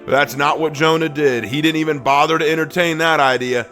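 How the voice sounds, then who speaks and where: A man teaching a Bible study in a sermon style, swinging between emphatic bursts and slow, hushed phrases and acting out the people he quotes. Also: a little high, over music. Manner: acts out quoted speech with lively shifts in voice.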